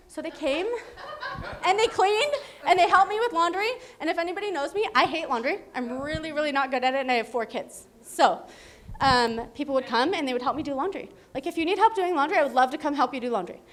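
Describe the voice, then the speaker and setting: High-voiced woman giving a recovery testimony. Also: fast, fairly bright tone. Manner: emotional, candid, laughing often. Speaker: recovery meeting speaker. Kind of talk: personal testimony.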